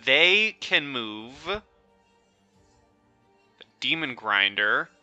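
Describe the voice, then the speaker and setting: A man narrates a tabletop game as dungeon master, loose and rambling, with plenty of fillers. His voice is strikingly bright, recorded close and dry. Faint music plays underneath. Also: medium pitch, very animated, extremely slow, dry recording, highs cut off.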